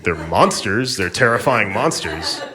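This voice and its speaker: A man's voice: on the low side, expressive, measured pace, over music. A young man doing a stand-up comedy set on stage at a live venue, talking in a laid-back, rambling, offhand way.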